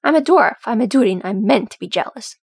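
A woman reading a storybook, voicing a gruff, blunt white-haired male dwarf general. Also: on the high side, lively intonation, a little fast, dry recording, clean studio sound, full character voice.

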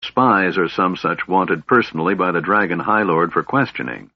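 A man's voice: sits low, normal speed, vocal fry, slightly rough, no room sound, dull audio, heavily acted. A man voicing a whining, surly male goblin digger in an audiobook. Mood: grumbling. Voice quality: whiny, surly.

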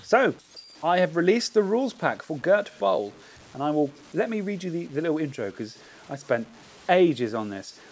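A podcast host with a somewhat high-pitched voice. He chats casually and reads out a story with playful relish, laughing along as he goes. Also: moderate pace, slight background noise, rough recording. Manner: playful, animated storyteller who laughs at his own jokes. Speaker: podcast host, tournament organiser. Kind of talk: casual podcast chat with a read-aloud story.

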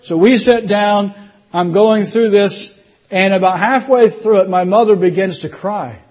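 A middle-aged man delivers a sermon testimony, stumbling over restarts and then lifting his voice for emphasis. His voice sits high and sounds husky. The recording is dull and muffled. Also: measured pace, darkish tone. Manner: storytelling with restarts, rising emphasis. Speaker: preacher.

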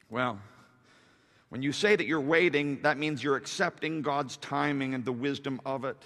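A man, a pastor, preaching a sermon, swinging between loud fervent surges and soft, confessional stretches. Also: mid-range voice, moderate pace. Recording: reverberant hall.

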